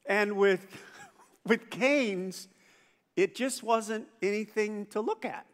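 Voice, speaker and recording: A male pastor delivers a sermon with a high-pitched voice. He keeps it conversational, often turning to the congregation with questions and playing out quoted lines in little voices. The sound carries a long reverb from a large church hall. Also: takes it slowly.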